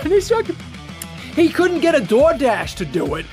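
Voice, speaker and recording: A man cutting a trash-talk wrestling promo, profane and mocking, breaking into shouts. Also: very high voice, lively intonation, normal speed, faint music behind.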